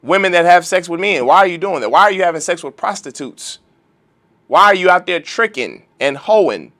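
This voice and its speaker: A man's voice: high-pitched, expressive, moderate pace, a bit bright. A man teaching a religious law class, preaching emphatically and firing off rhetorical questions. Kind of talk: lecture-style sermon.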